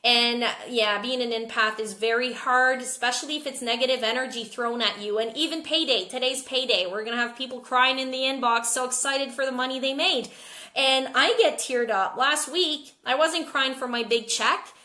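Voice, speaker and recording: A jet-lagged woman chats on a live stream, candid and unscripted, stumbling and repeating small words as she goes. Her voice sits a little high and sounds bright and forceful. The room around her rings with echo. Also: normal speed. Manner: casual, candid, repeats words while thinking. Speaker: network marketing team leader. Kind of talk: live video Q&A.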